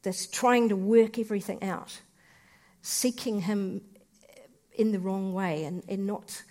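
A woman giving a personal faith testimony in an earnest, heartfelt way, speaking in short, halting phrases. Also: medium pitch, steady tone, warm tone.

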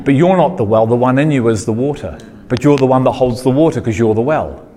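Man preaching a sermon in a reverberant hall. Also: fast talker. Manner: animated preaching, rising in pitch when fired up; asks the audience questions, repeats phrases.

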